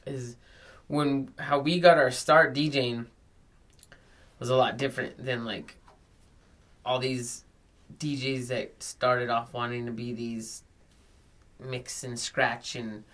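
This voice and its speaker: A man co-hosting a podcast in casual chat, easygoing, laughing along and giving relaxed advice. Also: mid-range voice, takes it slowly, pauses often. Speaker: podcast co-host.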